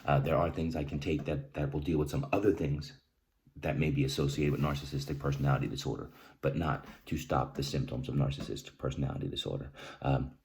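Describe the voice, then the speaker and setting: Speaking with an extremely low, steady, slightly mellow voice, an emotional male vlogger offers heartfelt advice to camera drawn from personal experience. He hammers home key phrases, frequently tacks on "right?", and stops to clear his throat before restarting haltingly.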